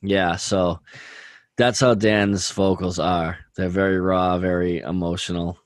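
A man's voice: deep voice, little pitch movement, measured pace, no room sound. A man chatting casually about music, rambling with lots of "like" and "dude". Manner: rambling, heavy use of "like" and "dude".

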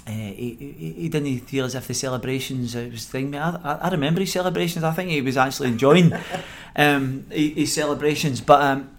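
This ex-footballer, a middle-aged Scot, spins animated yarns as a guest on a podcast interview, laughing frequently and mimicking the voices in his tales. He talks fairly quickly with few pauses, at a normal pitch.

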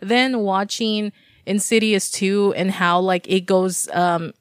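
A woman's voice: mid-range voice, steady tone, slow, clear, resonant tone, no echo. Podcast co-host, female, rambling casual storyteller, dry booth sound. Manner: rambling, filler-heavy, swears freely. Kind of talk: casual chat.

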